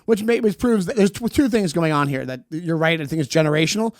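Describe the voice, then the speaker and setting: A man's voice: on the high side, fast talker, dry recording, studio quality. A man appearing as a comedian guest on a podcast, riffing playfully in casual chat.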